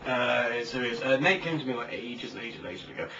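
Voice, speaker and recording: A man's voice: medium pitch, expressive, fast talker, bright, forceful tone. Rambling young man, distant lo-fi mic. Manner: rambling, joking, many fillers. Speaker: co-host, comic creator. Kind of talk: casual chat. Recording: distant lo-fi mic with faint hiss.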